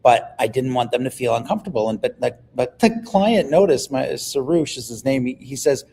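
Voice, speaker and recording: A man, a livestream guest telling stories in an animated, emphatic way. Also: medium pitch, a little fast, gravelly, a little hiss or hum. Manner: animated storyteller, emphatic, repeats words when excited. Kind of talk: casual livestream conversation.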